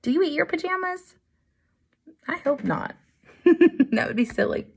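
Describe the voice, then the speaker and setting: A woman music teacher leading a children's lesson, speaking in a slow, sing-song, encouraging way to young children. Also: high-pitched, animated, gravelly.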